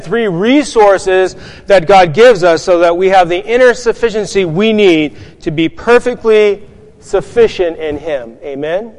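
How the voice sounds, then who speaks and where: A man's voice: sits high, darkish tone, big-room sound, rough recording. A man preaching a sermon, earnest and emphatic, putting rhetorical questions to his congregation.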